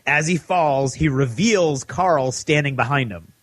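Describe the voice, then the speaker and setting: A man co-hosting a podcast who gives an animated recap of a TV episode and acts out the characters' lines. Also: fairly high pitch, a little slow, dry recording. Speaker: podcast co-host.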